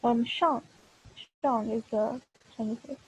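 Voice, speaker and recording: A woman's voice: on the high side, steady tone, a little slow, a little mellow, slightly rough, poor audio. A woman teaching a language class online over a video call, patient and encouraging, with many fillers. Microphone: computer mic on a video call.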